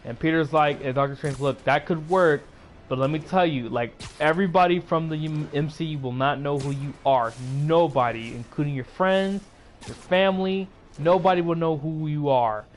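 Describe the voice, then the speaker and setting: A man with a fairly high voice retells a movie in a loose, rambling vlog recap, leaning on fillers as he goes. He sounds sleepy and keeps yawning. His throat is sore from all the talking. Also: moderate pace. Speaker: YouTuber.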